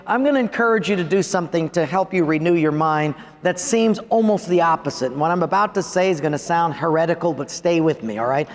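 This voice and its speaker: A male pastor preaches with animated energy, sometimes lowering his voice to act out a quiet prayer. His voice sits a little high for a man. The sound carries the long reverb of a large hall. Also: fast, hardly any pauses. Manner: animated preaching, acting out prayers to God in a softer voice. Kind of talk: sermon.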